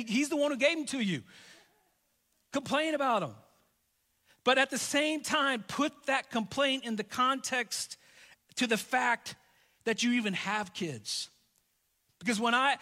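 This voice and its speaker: A man's voice: very high-pitched, sharp tone, big-room sound. A man in his thirties preaching a sermon, telling a family story in a conversational way and repeating key lines for emphasis. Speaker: pastor.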